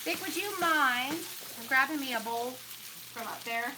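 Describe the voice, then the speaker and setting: A woman's voice: high-pitched, unhurried. A woman hosting a casual home cooking vlog, chatting bubbly to her viewers as she cooks. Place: home kitchen. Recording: noisy kitchen with sizzling pan. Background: frying and sizzling food.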